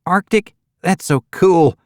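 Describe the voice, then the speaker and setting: A woman's voice: lowish voice, slow pace, no echo, clean studio sound, pitched above the performer's own voice. A man voicing a breezy, blunt young female desk clerk in a thriller audiobook, with a chirpy, raised voice.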